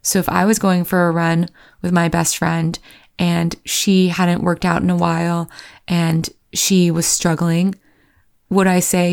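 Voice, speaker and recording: A woman's voice: on the low side, little pitch movement, measured pace, vocal fry, clean tone. A woman in her thirties telling a candid, self-deprecating personal story to camera, sometimes acting out her own inner voice. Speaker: vlogger.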